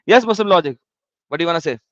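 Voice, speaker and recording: A man's voice: a little high, lively intonation, racing, a bit bright, dry recording, dull audio. A man hosting a live debate stream, blunt, mocking and combative.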